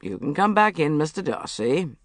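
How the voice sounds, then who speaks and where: A narrator voicing a male police inspector who speaks in a calm, reassuring way. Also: mid-range voice, normal speed, no room sound. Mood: calm wry.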